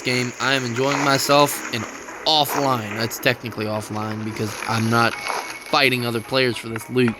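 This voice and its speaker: A man's voice: mid-range voice, rough recording. A young man giving casual, rambling gameplay commentary, joking and mocking himself. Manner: rambling, jokey, self-mocking. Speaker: gaming channel host. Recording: loud background noise.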